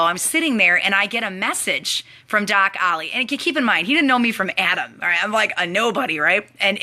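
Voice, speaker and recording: A young woman chatting animatedly as she hosts a live team training stream. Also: medium pitch. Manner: chatty and animated, talks to viewers. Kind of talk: casual live-stream chat.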